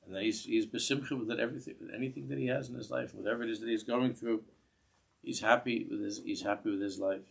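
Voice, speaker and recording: A man's voice: on the low side, fairly even intonation, fast talker, creaky, breathy edge. A man, a rabbi giving a class in a synagogue, earnest, restarting phrases and mixing in Hebrew terms. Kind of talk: sermon.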